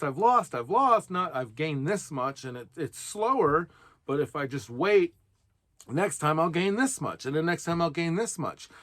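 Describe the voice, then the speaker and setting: A man vlogging casual financial advice, explaining with lively rises and drops in emphasis. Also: on the high side, no room sound. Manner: animated, explains with rising and falling emphasis. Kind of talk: casual monologue.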